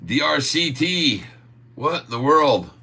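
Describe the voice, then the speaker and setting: A man's voice: on the high side, animated, gravelly, pushed and bright, breathy edge. A man hosting a casual stock-trading livestream, reading viewer comments aloud and chuckling often. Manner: chuckles often, drawn-out folksy asides.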